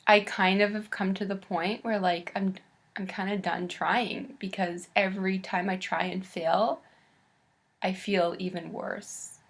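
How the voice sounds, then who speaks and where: Creaky-voiced woman in her late twenties. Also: medium pitch, little pitch movement. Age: late 20s. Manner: halting and candid, with pauses and restarts. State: on the verge of tears. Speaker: vlogger. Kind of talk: confessional webcam vlog.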